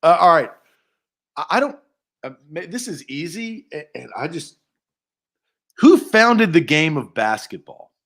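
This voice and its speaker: A man co-hosting a casual sports trivia segment, reading each question slowly and deliberately. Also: a little high, sing-song, fairly bright tone.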